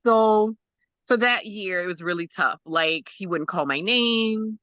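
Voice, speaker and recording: A woman's voice: medium pitch, a little slow, a bit bright, no echo, dull audio. A woman telling an emotional personal story as a guest parent, acting out quotes and laughing often. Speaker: guest, parent of an autistic son.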